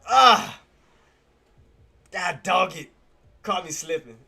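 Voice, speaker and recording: A man live-streaming his day trading, muttering his moves to himself and breaking into loud, exasperated laughing outcries. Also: high-pitched, animated, slow, vocal fry. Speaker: livestreamer trading on camera.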